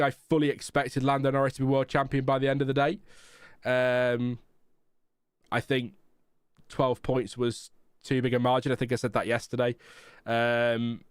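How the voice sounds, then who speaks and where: A man's voice: mid-range voice, clean tone, no echo, studio quality. A man hosting a casual live watchalong stream, chatting frankly and rambling with fillers. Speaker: livestream host.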